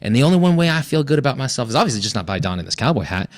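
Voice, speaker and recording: A man's voice: mid-range voice, big pitch swings, racing. A man, a podcast co-host, chatting in a jokey, rambling, self-mocking way. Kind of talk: casual comedic chat.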